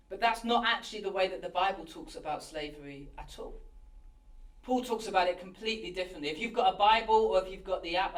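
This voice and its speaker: A man, a pastor, preaching a sermon in an earnest, animated way, acting out people's anxious thoughts in a church hall. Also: high voice. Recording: roomy hall from a distance.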